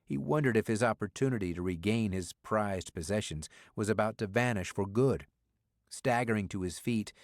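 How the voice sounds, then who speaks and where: A man narrating a spy thriller audiobook in a steady, measured storytelling manner. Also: on the low side, no echo, clean studio sound.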